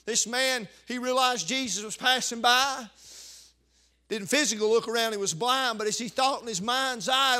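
A preacher delivering a fervent sermon in a strikingly high voice. His tone is bright and ringing, and he pushes into shouts at the peaks of his message. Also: fairly quick. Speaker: pastor.

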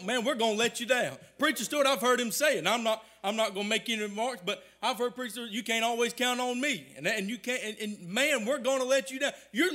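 A man preaching a sermon. He repeats words and stumbles often, then builds to loud, shouted emphasis. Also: very high voice.

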